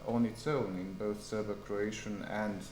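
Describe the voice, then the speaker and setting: A man's voice: on the low side, flat delivery, measured pace, darkish tone, slight background noise. A man defending his doctoral thesis, giving a formal academic answer, hesitant with frequent fillers. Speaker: PhD candidate defending a thesis. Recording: echoey room.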